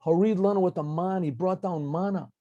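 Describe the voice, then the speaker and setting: A man voicing a biblical leader who excitedly rallies a crowd, in a lightly acted retelling. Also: high voice, a little fast, no room sound, lo-fi sound, close to an everyday voice. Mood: rousing. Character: biblical leader rousing a crowd, male adult.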